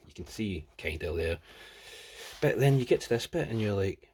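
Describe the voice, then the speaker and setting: A man's voice: on the low side, sing-song, moderate pace, a little mellow, husky. A man casually reviewing a comic book, rambling and crude with plenty of jokes.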